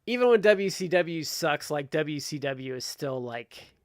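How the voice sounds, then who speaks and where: This Ohio man hosts a laid-back podcast conversation, his fairly high voice animated yet measured in pace. He wanders from point to point, full of "like" and restarts, in a dry, clean studio recording.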